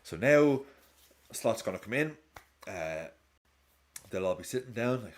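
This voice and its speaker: A man's voice: fairly low pitch, expressive, measured pace. A man with a casual, rambling manner, chatting and laughing often as he hosts a live football watch-along stream.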